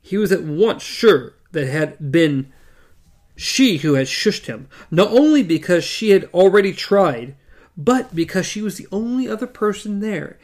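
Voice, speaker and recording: A man's voice: high voice, animated, unhurried, a little mellow. A man reading a novel aloud in a casual way, with asides and self-corrections. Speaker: reader.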